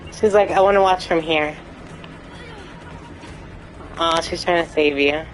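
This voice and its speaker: A woman's voice: sits low, rough recording. Giggly apologetic young woman streamer. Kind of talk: casual gameplay commentary.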